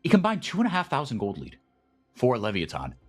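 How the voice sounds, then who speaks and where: A man calling esports play-by-play, chatty and rambling, who gets loud and excited when fights break out. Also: medium pitch, fairly quick, soft background music. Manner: excitable, rises sharply in big fights. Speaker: play-by-play caster.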